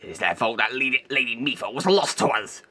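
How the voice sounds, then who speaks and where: A man's voice: medium pitch, big pitch swings, brisk, sharp tone. A man voicing a stern, distrustful old male fish advisor, disdainful and formal, in an amateur game voice-over. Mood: scornful.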